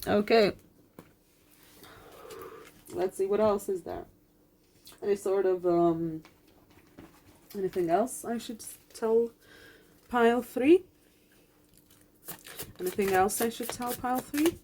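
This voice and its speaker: A woman's voice: medium pitch, slow, pauses often, warm tone, slight background noise. A woman giving a tarot card reading to her viewers, earnest and reassuring, repeating her phrases, swearing in passing and close to tears.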